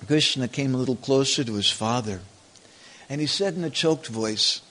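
A man retelling a devotional story as a preacher, deliberate and measured. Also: medium pitch, bright, forceful tone. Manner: slow, deliberate, chants scripture verses.

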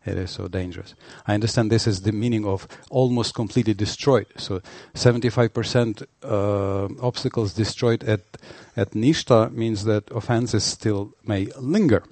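A man giving a devotional lecture, halting and restarting, telling stories animatedly. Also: fairly low pitch, no echo. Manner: halting, many fillers and restarts, animated storytelling. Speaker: spiritual teacher.

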